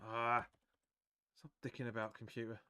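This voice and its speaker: Bright-voiced excitable football fan. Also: male voice, medium pitch, moderate pace, clear, resonant tone, no room sound. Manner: excitable, chatty, swears, reads viewer comments aloud. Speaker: fan watch-along host. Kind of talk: live match watch-along commentary.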